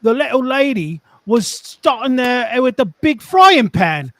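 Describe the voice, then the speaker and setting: A man's voice: very high-pitched, very animated, a little slow, bright, forceful tone, voice pushed up, exaggerated voice. A man reading a post aloud as a working-class heating tradesman, putting on a Cockney accent and dropping words like "me van". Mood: storytelling. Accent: put-on Cockney. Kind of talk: dramatic reading of a forum post.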